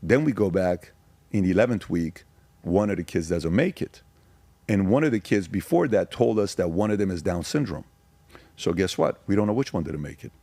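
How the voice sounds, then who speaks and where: A man's voice: low-pitched, lively intonation, normal speed, warm tone, no room sound. A middle-aged man giving his testimony as a podcast guest, speaking emphatically and telling stories, repeating phrases to drive points home.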